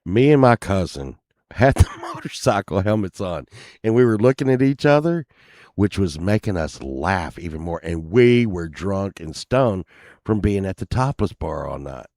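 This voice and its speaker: A middle-aged man, telling a casual anecdote and loudly acting out the people in it. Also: sits low, moderate pace, no room sound, studio quality. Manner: animated, acts out quoted lines loudly, laughs while telling. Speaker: storyteller.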